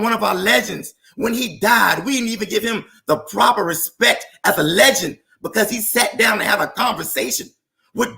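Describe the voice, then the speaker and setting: A man's voice: high voice, vocal fry, sharp tone. A man arguing politics on an open panel, speaking with impassioned, rhetorical emphasis.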